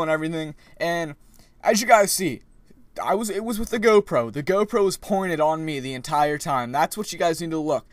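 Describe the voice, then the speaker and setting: A young man tells a story for his vlog, his voice sitting a bit high for a guy. He rambles and restarts mid-sentence, animated and casual. The sound is close and dry, with no room around it. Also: no room sound. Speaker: vlogger.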